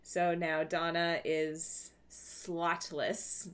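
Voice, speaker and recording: A woman's voice: lowish voice, flat delivery, a bit bright, smooth. A woman co-hosting a podcast, casually recapping TV scenes with a chatty manner. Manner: chatty, recounting scenes with quick laughs. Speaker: podcast co-host.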